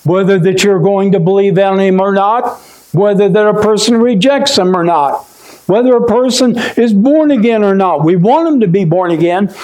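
A man preaching a sermon in a folksy way, often saying "my friend" and dropping his voice low and quiet when he is moved. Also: moderate pace, rough recording. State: choked up.

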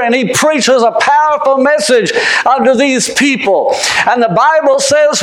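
A man preaching a fervent sermon. He shouts some points, drops to quiet asides for others, and often repeats or restarts his words. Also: very high voice. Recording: echoey room.

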